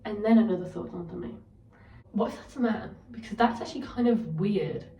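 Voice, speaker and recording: A woman's voice: mid-range voice, animated, fairly quick, gravelly, warm tone, distant mic. Sweary young woman ranting in an echoey room. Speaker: vlogger. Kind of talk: casual storytelling. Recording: roomy echo, voice set back from the mic.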